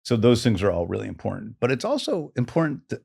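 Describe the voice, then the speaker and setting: A man's voice: medium pitch, fast, vocal fry, breathy edge. Middle-aged man telling a story, casual. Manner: animated, self-deprecating storyteller with many restarts. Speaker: guest filmmaker.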